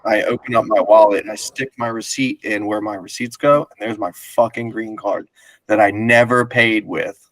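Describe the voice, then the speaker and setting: A man's voice: lowish voice, fairly even intonation, normal speed, a bit bright, dry recording. A man hosting a casual podcast, telling a long rambling story with laughs and swearing. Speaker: podcast host.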